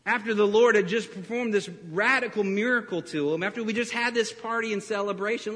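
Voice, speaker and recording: A man preaching a sermon as pastor, animated and storytelling, breaking into laughs and acting out quotes. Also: high-pitched, fairly quick, hardly any pauses. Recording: reverberant hall.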